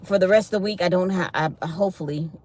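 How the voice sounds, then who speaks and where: A middle-aged woman vlogging a casual morning chat from her truck, telling stories in an animated, chatty way. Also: lowish voice, quick pace.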